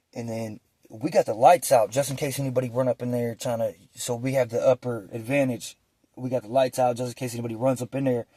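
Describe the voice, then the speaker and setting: A man's voice: medium pitch, dry recording. A young man telling a story from his prison days in casual street slang, acting out the voices of the people in it. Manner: animated street slang, acts out quoted voices.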